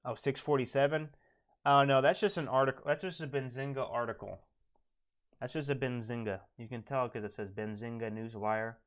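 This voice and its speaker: A man at a mid-level pitch talks through a live trading stream in a loose, casual way. He thinks out loud as he goes, and his voice sinks into quiet mumbles when he trails off. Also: brisk.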